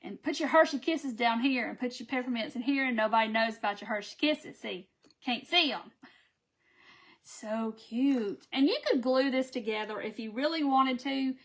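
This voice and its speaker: A woman's voice: on the high side, moderate pace. A woman hosting a casual live craft video, chatty and affectionate, greeting viewers by name. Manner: chatty and affectionate, reads viewer names aloud. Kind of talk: casual live-stream chat.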